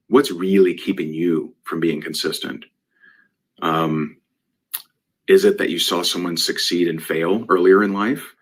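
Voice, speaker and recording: A man's voice: sits low, fairly bright tone. A man speaking as a guest business coach, telling a client story in a conversational way and often asking "right?".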